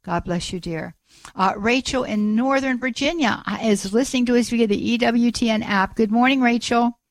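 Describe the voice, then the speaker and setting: A woman hosting a call-in radio show, praying aloud for a listener in an earnest, halting way and often repeating her words. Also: a little high, no echo. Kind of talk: prayer and call-in radio talk.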